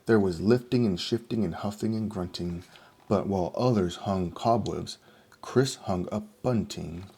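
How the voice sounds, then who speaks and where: A man reads a rhyming children's picture book aloud with a steady, rhythmic lilt. His voice sits very low, with a gravelly fry and a dark, husky timbre. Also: unhurried. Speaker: storybook reader.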